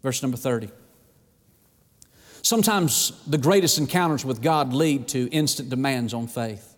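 A man's voice: mid-range voice, normal speed. A man preaching a sermon, acting out scripture quotes with dramatic swings and folksy phrasing, calling his listeners friend. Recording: long reverb in a large hall.

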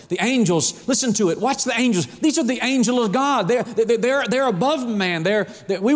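A middle-aged man preaching a sermon in an animated way, acting out the voices of God and of people. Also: high voice, long reverb tail.

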